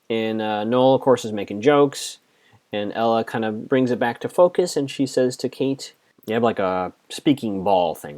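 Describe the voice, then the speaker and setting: A man's voice: medium pitch, a little mellow. A man hosting a podcast, casually recapping a TV episode in a chatty, reactive way, quoting characters as he goes. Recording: muffled lo-fi audio.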